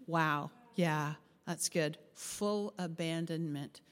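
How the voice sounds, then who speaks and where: A woman's voice: lowish voice, moderate pace. A woman pastor giving a chatty, interactive sermon and asking the group questions. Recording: long hall reverb.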